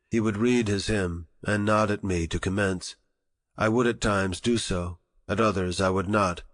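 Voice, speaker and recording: A man narrating an audiobook in a measured, formal reading style. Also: lowish voice. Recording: long reverberant echo.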